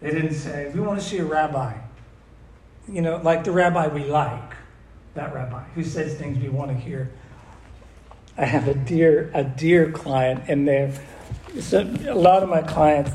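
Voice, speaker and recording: A man preaching a sermon, emphatic, reading scripture slowly and asking his listeners questions. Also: fairly high pitch, mellow, reverberant, a little hiss or hum, low-quality recording. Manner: emphatic, asks the audience questions, reads verses slowly.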